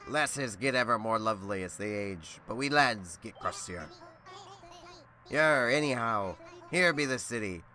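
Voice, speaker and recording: A man's voice: on the low side, lively intonation, a little slow, sharp tone. A man voicing a jovial old turtle sea captain who talks pirate-speak with hearty laughs.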